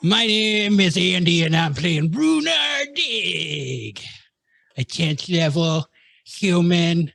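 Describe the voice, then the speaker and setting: A playful man introducing his tabletop character. He speaks slowly in a high voice. There is a gravelly edge to it. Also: big pitch swings, a bit bright. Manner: playful, joking. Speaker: player.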